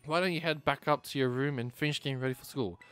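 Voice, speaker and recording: A man's voice: medium pitch, fast talker, fairly bright tone, smooth, dry recording, faint music behind, lightly acted. A man reading aloud the lines of a cheerful, caring mother in a video game, in a chatty, slightly fussy way.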